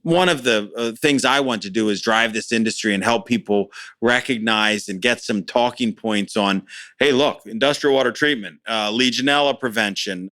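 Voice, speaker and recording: A man's voice: lowish voice, normal speed, hardly any pauses, sharp tone, no room sound. A middle-aged man talking as a business owner in a conversational interview, enthusiastic and plain-spoken, often repeating words as he starts a phrase.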